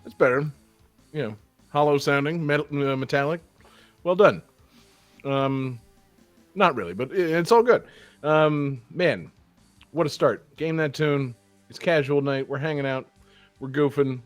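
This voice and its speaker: A man's voice: fairly high pitch, a little slow, long pauses, no echo. A young man hosts a casual gaming podcast with an upbeat, rambling delivery full of "uh"s. His voice sits close and dry on the studio mic. Faint music plays underneath. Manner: rambling, upbeat, many fillers. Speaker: podcast host. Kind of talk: casual chat.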